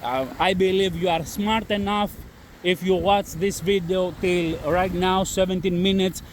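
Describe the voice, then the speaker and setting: A man's voice: high voice, steady tone, a little slow. A man with a non-native accent talking bluntly about trading risk, repeating himself and swearing, with faint wind noise behind. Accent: non-native English. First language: not English. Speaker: trading channel host. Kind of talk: casual talk to camera-less audience.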